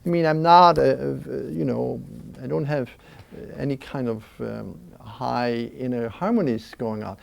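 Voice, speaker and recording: A man's voice: medium pitch, measured pace, creaky, no echo. A man being interviewed, talking in a reflective way with a restless, nervous energy and many restarts. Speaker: interview guest. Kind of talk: reflective interview talk on prayer.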